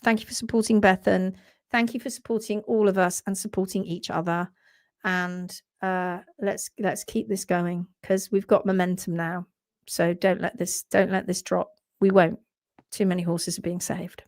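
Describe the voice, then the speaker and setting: A woman's voice: on the low side, level tone, normal speed, no echo, clean studio sound. A woman co-hosting a podcast in casual live chat, passionate, often reading out viewer comments. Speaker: podcast co-host.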